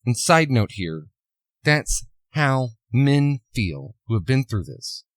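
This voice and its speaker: A man's voice: mid-range voice, big pitch swings, slow, dry recording, studio quality. A man giving an opinion monologue, retelling a film scene in a preachy, sarcastic way. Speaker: commentator.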